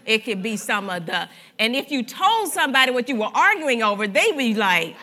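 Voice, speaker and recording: A woman pastor preaching a sermon in an animated, conversational way, joking with and speaking directly to her congregation. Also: fairly high pitch, normal speed, slight background noise. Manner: animated, conversational preaching with humor and audience address.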